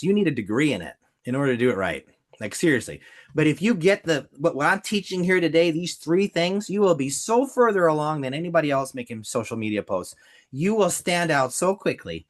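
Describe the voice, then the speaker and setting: Emphatic, lively business coach. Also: mid-range voice. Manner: emphatic, repeats key points, gets emotional over examples. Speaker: business coach, podcast host. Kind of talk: coaching talk to a co-host.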